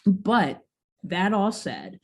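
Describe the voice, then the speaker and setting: A woman co-hosting a podcast, telling a story in a casual, animated way with lots of "like.". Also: medium pitch, very slow. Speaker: podcast co-host.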